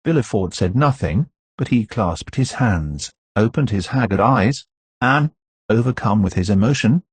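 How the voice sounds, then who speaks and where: This is scripted narration of a classic novel, delivered by a male audiobook narrator whose voice is low and husky. He reads in a steady, measured manner, and the recording carries no room sound.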